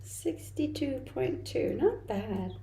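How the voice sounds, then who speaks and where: A woman's voice: sits high, lively intonation, slow pace, vocal fry, warm tone, slight background noise. A young woman from Denmark with a mixed, Danish-tinged English accent, chatting casually on a livestream and answering her chat. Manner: chatty, reads chat aloud and answers with light laughs. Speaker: streamer and content creator. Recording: roomy echo.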